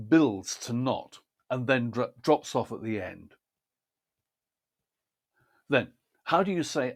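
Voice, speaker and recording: Measured man teaching poetry. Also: mid-range voice, lively intonation. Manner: measured, precise, explanatory. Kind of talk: scripted instructional talk.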